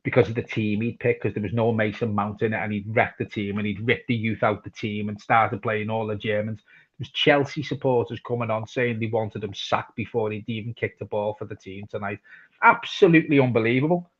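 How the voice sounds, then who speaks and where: Sweary English football fan host. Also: male voice, fairly low pitch, fairly even intonation, a little fast, muffled recording. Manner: casual, swears freely, reads chat messages aloud. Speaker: fan channel host reading viewer comments. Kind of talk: live match watch-along chat.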